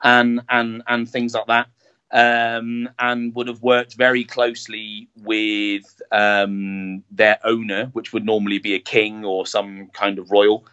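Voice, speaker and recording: A man's voice: fairly low pitch, slow, smooth. Hesitant man, slightly muffled. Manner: relaxed, hesitant, many fillers and restarts. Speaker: guest, town jester. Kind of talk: casual interview chat. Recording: dull lo-fi sound.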